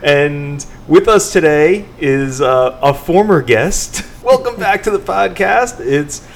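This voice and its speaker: A man's voice: fairly high pitch, lively intonation, slow, vocal fry, a little hiss or hum. A man hosting a podcast in a casual, chatty, upbeat way, joking as he goes. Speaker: podcast host.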